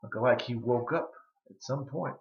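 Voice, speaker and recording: A man telling a folk tale, drawling and dramatic, with hushed pauses. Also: mid-range voice, creaky. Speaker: storyteller. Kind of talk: folksy storytelling. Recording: roomy, slightly dull recording.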